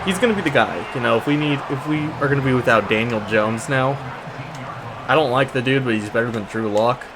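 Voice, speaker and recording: A man's voice: mid-range voice, fairly quick, background noise. A man giving casual, sarcastic commentary over his own football video game, exasperated and talking through the plays as they happen. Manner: exasperated, sarcastic play-by-play with frequent restarts. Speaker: gaming YouTuber.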